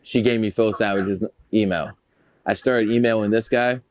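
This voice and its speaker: Profane, boastful low-voiced man. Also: steady tone, moderate pace. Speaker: guest, numerologist. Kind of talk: casual storytelling interview.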